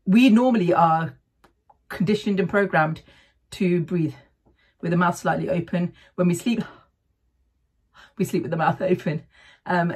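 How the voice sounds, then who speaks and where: A woman's voice: fairly low pitch, darkish tone, slightly rough. A middle-aged woman talking casually to camera, sharing breathing tips in a chatty way and often checking in with "okay?". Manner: chatty, keeps adding "okay?". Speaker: vlogger sharing health tips. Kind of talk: casual advice talk to camera.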